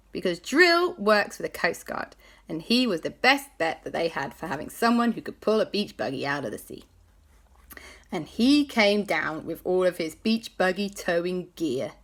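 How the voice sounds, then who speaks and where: A woman telling an improvised children's story, voicing each character in turn. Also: on the low side. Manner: animated, playing every character in turn.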